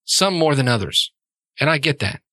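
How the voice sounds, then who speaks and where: A game master voicing a stoic, guarded young man who answers in flat, clipped lines. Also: medium pitch, normal speed, dry recording.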